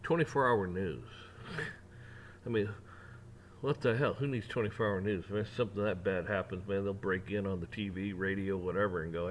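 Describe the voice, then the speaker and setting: A man's voice: low voice, moderate pace, slight background noise. Heated man ranting his opinions. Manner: heated, mocking, rising to near shouting at peaks; mimics officials in sarcastic voices. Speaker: rant channel host. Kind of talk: opinion rant to camera.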